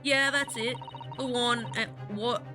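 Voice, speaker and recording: A woman voicing a blunt young street girl in an attempted Cockney accent, reading game dialogue in slangy, rough speech. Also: on the high side, steady tone, slow pace, over music, voice pushed up. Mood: cheeky.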